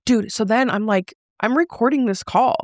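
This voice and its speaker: A woman from Canada co-hosting a podcast in casual chat, animated and blunt, swearing freely. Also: fairly high pitch, normal speed, no room sound, clean studio sound. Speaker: podcast co-host.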